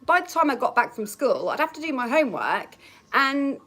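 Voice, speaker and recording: Young woman, slightly high voice, casual balcony vlog storyteller with a quick laugh. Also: big pitch swings, a bit bright. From England, Norfolk. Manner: chatty, laughs often, acts out remembered lines. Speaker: vlogger. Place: outdoors on a balcony.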